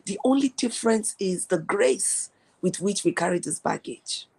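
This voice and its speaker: A woman's voice: mid-range voice, expressive, normal speed, darkish tone, breathy edge. A woman from Nigeria hosting a live stream, giving an earnest motivational talk and repeating key phrases for emphasis. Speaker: host.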